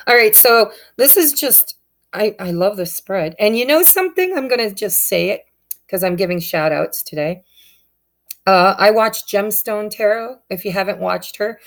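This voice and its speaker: Upbeat woman with a gravelly edge. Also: medium pitch, animated, moderate pace. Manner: upbeat, encouraging, talks directly to viewers. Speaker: tarot reader. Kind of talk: casual tarot reading to camera.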